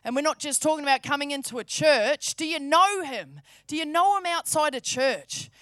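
A woman's voice: sits high, lively intonation, normal speed, a bit bright, dry recording, clean studio sound. A woman preaching a sermon, fervent and emphatic, repeating key phrases for stress.

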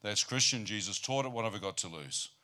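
A man's voice: fairly low pitch, expressive, brisk, pushed and bright. A man preaching a storytelling sermon about his own life, mixing humor with rhetorical questions to the congregation. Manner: humorous, asks the crowd rhetorical "how many know" questions. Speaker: preacher giving his testimony.

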